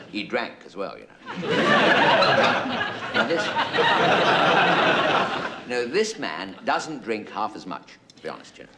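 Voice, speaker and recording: A man's voice: fairly low pitch, huge pitch swings, slow, vocal fry, pauses often. A man with an English accent telling a rambling comic monologue to a studio audience, digressing and chuckling as he goes. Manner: digressive, self-interrupting, chuckling. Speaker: comedian. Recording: loud background hiss, live audience laughter.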